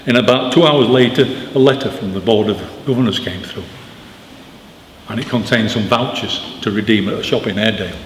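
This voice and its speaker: A man giving an animated, informal talk to an audience at a book launch, telling stories with emphatic asides. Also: lowish voice, a little fast. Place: church hall. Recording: echoey church with long reverb, faint noise.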